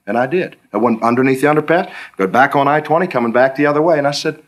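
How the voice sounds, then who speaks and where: A middle-aged man preaches a sermon rapid-fire, hardly pausing, telling stories and acting out his own back-and-forth questions with the Lord. His pitch swoops high whenever he poses those questions.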